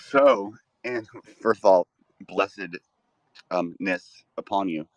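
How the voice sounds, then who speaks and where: A man's voice: deep voice, wildly swooping pitch, takes it slowly, gravelly, no echo, highs cut off. A man calling into a livestream, amused and laughing as he talks. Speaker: caller. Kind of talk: casual call-in chat.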